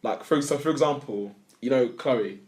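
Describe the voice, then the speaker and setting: A man's voice: medium pitch, moderate pace, darkish tone. A young man, co-hosting a casual podcast chat, blunt and ranting, with a bit of swearing. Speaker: podcast co-host.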